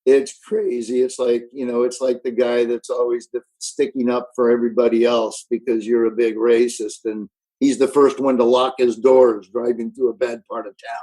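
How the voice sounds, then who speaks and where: Mellow man ranting emphatically. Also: medium pitch, flat delivery, moderate pace, rough recording. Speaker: comedian guest. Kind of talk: casual chat. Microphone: remote call.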